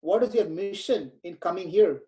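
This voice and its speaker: A man's voice: sits high, normal speed, warm tone, lightly acted, rough recording. A man playing an awed pleading king. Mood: awed questioning. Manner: urgent questioning.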